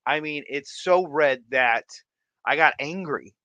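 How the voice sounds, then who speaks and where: Man, 30s, goofy livestream host; unhurried delivery, dry close sound. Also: on the high side, no echo, muffled recording. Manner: goofy and excitable, laughs often, greets viewers by name. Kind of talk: casual livestream chat.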